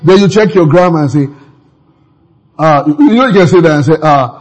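A man's voice: on the high side, a little fast, poor audio. A man preaching a sermon in a conversational way, with laughing asides and many fillers.

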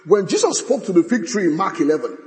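A man preaching a sermon, swinging from bold declarations to hushed asides and reciting scripture. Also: high-pitched, big pitch swings, quick pace. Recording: long hall reverb.

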